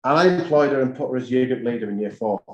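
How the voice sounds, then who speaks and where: A middle-aged man giving a talk at a conference of school heads, telling stories from his career in a relaxed, conversational way. He drives points home by repeating short phrases. His mid-pitched voice carries the roomy echo of a hall. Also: fast, lo-fi sound. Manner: anecdotal, conversational, repeats key phrases for emphasis. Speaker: school head giving an address.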